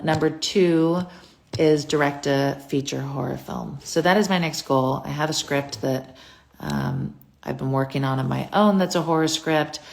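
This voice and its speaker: Woman, low gravelly voice, livestream Q&A host; chatty, scattered, reads comments aloud then answers. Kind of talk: casual livestream Q&A.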